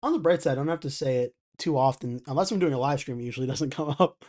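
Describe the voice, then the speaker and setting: A young man hosts a casual live stream and talks easily at an ordinary middle pitch. His tone is mellow and warm, and he thinks out loud while reading viewers' comments between updates. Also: fast talker. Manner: chatty, thinks aloud, reads chat comments. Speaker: election night live stream host.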